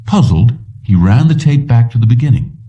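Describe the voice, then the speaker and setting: A man narrating an audiobook in a steady, even reading style. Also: medium pitch, moderate pace, recorded from a distance, low-quality recording. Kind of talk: scripted narration.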